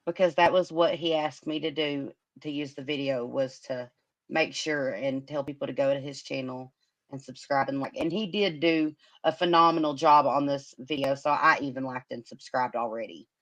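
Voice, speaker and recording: A woman's voice: sits low, creaky. A woman hosting a casual livestream chat, emotional and hesitant, filling her talk with many ums. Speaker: livestream host.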